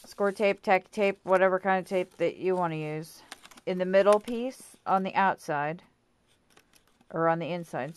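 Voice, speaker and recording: A woman's voice: on the low side, clean tone. Chatty woman rambling through a craft tutorial. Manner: chatty and rambling, full of fillers and self-corrections; apologetic asides. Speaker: craft vlogger.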